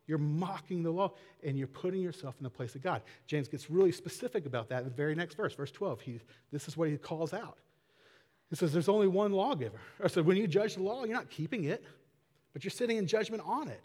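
Conversational preacher in a reverberant hall. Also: male voice, on the high side, a little mellow. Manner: casual, asks rhetorical questions, small laughs. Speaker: pastor. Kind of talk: conversational sermon.

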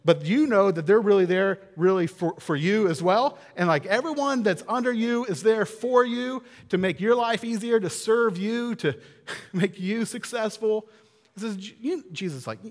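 A man with a fairly high voice preaches in a relaxed, conversational way, often slipping into acted quotes. His sermon carries through a church hall with a long, ringing reverb. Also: moderate pace. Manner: conversational, animated, acts out quotes. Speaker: pastor.

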